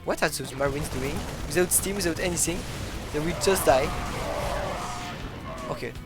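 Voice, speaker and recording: An excitable esports commentator with a mid-range voice calls the action at normal speed in non-native English, bursting into sudden loud shouts. He is in a broadcast booth, and loud music plays underneath.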